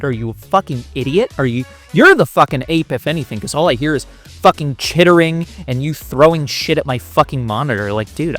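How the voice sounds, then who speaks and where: A man's voice: medium pitch, a bit bright. A man giving a profane, mocking reaction commentary, laughing between insults. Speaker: commentary youtuber.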